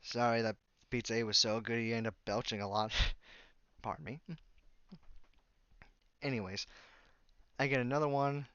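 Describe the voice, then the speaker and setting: A man's voice: medium pitch, steady tone, normal speed, pauses often, fairly bright tone, smooth, no echo, highs cut off. A man telling a rambling story in a casual vlog, sarcastic and exasperated as he goes. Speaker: YouTuber.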